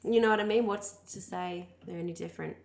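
A woman's voice: on the low side, steady tone, fast talker, creaky. A woman co-hosting a podcast, chatting expressively in a house and laughing often. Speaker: podcast co-host. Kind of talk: casual chat.

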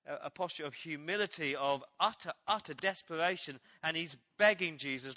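Bright-voiced preacher, dry close sound. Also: male voice, fairly high pitch, moderate pace, no room sound. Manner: animated storytelling, acting out quoted lines. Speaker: pastor. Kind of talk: sermon. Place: church.

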